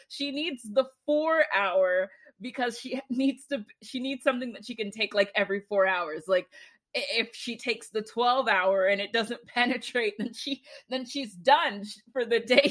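A woman's voice: on the high side, a bit bright. A woman co-hosting a podcast, chatting casually about a movie, laughing often and swearing freely. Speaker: podcast co-host.

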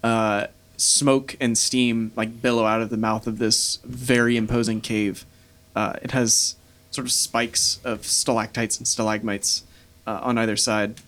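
A man's voice: on the low side, flat delivery, unhurried, fairly bright tone. A man running a tabletop game as game master, narrating loosely with lots of fillers.

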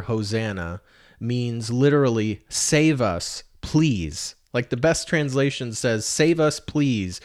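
Male pastor, mid-pitched voice, earnest conversational preaching, rhetorical questions. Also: smooth. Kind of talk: sermon.

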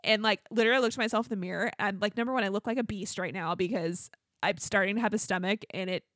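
A woman's voice: mid-range voice, fast, a bit bright, no echo, clean studio sound. A pregnant young woman co-hosting a podcast, telling a long story in casual chat with lots of "like"s and laughs. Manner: chatty storytelling, many "like"s, laughs often. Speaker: podcast co-host.

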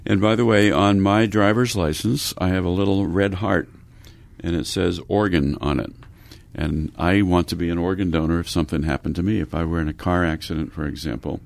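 A man's voice: low-pitched, steady tone, fairly quick, vocal fry. A middle-aged man hosting a radio talk show, folksy and speaking straight to listeners. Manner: folksy, addresses listeners directly. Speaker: radio host.

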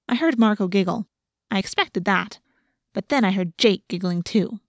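A woman narrating a first-person story in a clear, lively storytelling voice, with a mid-range pitch. The recording is close and dry, with no room echo. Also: moderate pace. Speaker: audiobook narrator.

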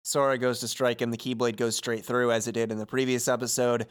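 Brief: man, podcast co-host, casual and halting, middle-pitched voice. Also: level tone, clean tone. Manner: halting, many fillers, laughs easily. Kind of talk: casual recap chat.

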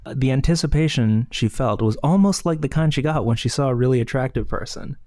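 A man's voice: medium pitch, brisk, warm tone. A young man co-hosting a casual chat, playfully reading passages aloud and laughing often.

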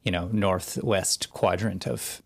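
A man in his thirties co-hosting a podcast, relaxed and joking as he tells stories in a casual chat. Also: sits low, slow, vocal fry. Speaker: podcast co-host.

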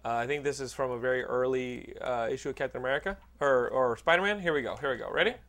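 A man hosting a podcast, playing a bossy, sarcastic casting director in an excitable comedy bit. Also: mid-range voice, quick pace. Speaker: podcast host.

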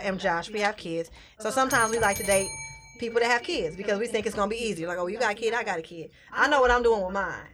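Fast-talking woman telling stories. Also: medium pitch. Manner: animated storytelling, acts out quoted voices. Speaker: comedian. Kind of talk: casual chat.

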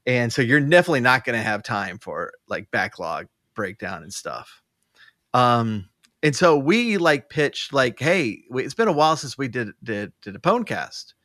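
A man's voice: medium pitch, sing-song, moderate pace, sharp tone, no echo, clean studio sound. A man co-hosting a podcast, chatting casually with many restarts and fillers, laughing often. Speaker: podcast co-host. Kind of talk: casual chat. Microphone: remote call mic.

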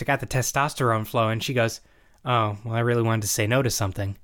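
A man's voice: mid-range voice, fairly quick, clean tone. A man in casual chat, recapping a show's plot and acting out characters' lines as he goes. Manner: animated recapping, acts out quoted lines. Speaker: podcast co-host recapping a show.

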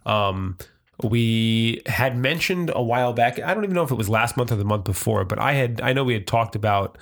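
A man's voice: mid-range voice, lively intonation, fairly quick, gravelly. Congested nasal man hosting a podcast. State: congested with a cold. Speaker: podcast co-host. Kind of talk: casual podcast chat.

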